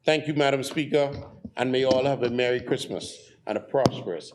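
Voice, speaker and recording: A man with a Bahamian accent giving a formal parliamentary speech, measured and methodical as he lists points. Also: mid-range voice, noisy background. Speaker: member of parliament.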